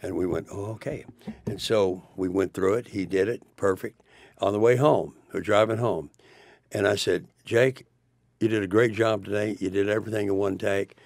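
Gravelly low-voiced older man rambling. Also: steady tone, fairly quick, darkish tone, dry recording, clean studio sound. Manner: rambling, emphatic, spiritual musings. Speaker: guest. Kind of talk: rambling studio interview talk. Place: radio studio.

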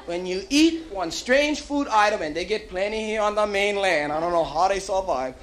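At normal speed and in a high-pitched voice, a comedian with a Hawaiian Pidgin accent teases the crowd from a comedy club stage, animated and using put-on voices. It's a live club recording on vinyl with hiss and an audience laughing.

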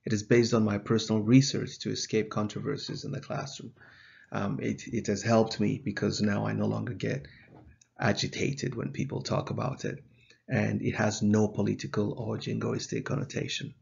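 A male math teacher explains step by step in a measured way, his low voice deeply gravelly and a little husky. He keeps an even, flat delivery, and the recording sounds dull and lo-fi. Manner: measured, explanatory, with some fillers. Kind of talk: video lesson.

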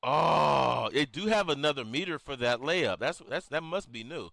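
A young man, giving excited play-by-play commentary on a game he is playing and talking to his viewers. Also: on the high side, moderate pace, no room sound, studio quality. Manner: excitable, reactive, talks to viewers. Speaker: gaming YouTuber. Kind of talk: live gameplay commentary.

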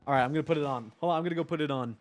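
A young man chatting on a live stream, rambling excitedly, swearing and talking to his chat. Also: on the high side, rapid-fire, soft background music.

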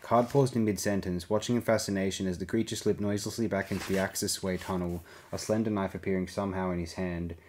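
Man, audiobook narration, very low voice, scripted reading. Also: steady tone, fast, hardly any pauses, darkish tone, slight background noise. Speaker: audiobook reader.

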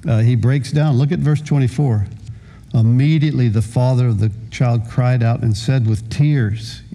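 A man's voice: mid-range voice, fairly even intonation, moderate pace, mellow. A man in his sixties preaching a sermon as a pastor, often repeating words as he starts a phrase.

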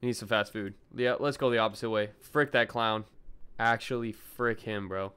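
A young man streaming a horror game, chatting with viewers in slang and yelping and shouting at every scare. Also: fairly low pitch, normal speed, smooth. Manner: excitable, yelps and shouts at scares. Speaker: gaming streamer. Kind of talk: live gameplay commentary to chat.

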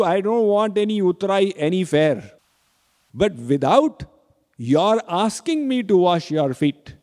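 A man voicing a shrewd, humble boatman who bargains slowly and playfully, in a reverberant hall. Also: fairly high pitch, dark tone. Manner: slow, pleading, playfully bargaining.

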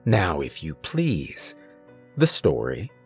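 A soft-spoken, sinister old stranger, as a male narrator puts him on, polite and formal with a quiet mocking edge. He savours every word slowly, over faint music. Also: a bass voice, huge pitch swings, vocal fry, breathy edge, pitched below the performer's own voice, full character voice.

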